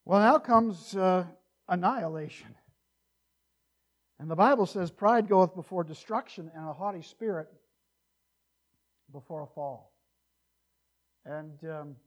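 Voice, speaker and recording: A male pastor preaching an expository sermon in a church, animated and given to joking asides, his loudness rising and falling widely. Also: high voice.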